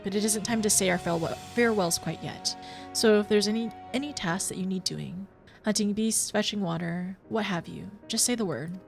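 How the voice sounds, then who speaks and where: Woman reading as soft-spoken teenage girl. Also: mid-range voice, normal speed, vocal fry, soft background music, lightly acted. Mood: gentle. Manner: calm, soft-spoken, gently formal.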